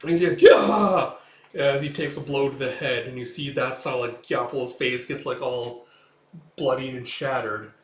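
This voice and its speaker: A man's voice: mid-range voice, little pitch movement, normal speed, a bit bright. A man casually recapping a comic book, rambling with lots of fillers and acting out the dialogue. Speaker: host. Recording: roomy echo.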